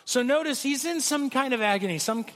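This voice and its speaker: High-voiced preaching man in a reverberant hall. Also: animated, brisk, fairly bright tone. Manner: earnest preaching, acts out pleading quotes. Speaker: pastor. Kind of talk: sermon.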